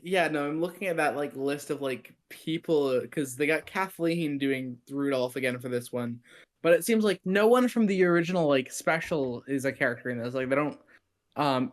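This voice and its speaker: A man's voice: a little high, lively intonation, normal speed. A man appearing as a guest on a podcast in casual chat. He talks hesitantly, with many ums and restarts.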